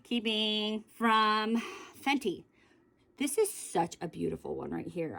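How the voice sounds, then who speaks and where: A woman in a casual beauty vlog, chatting in a rambling way about her lip glosses and correcting herself as she goes. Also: mid-range voice. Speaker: beauty vlogger. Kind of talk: casual makeup declutter vlog.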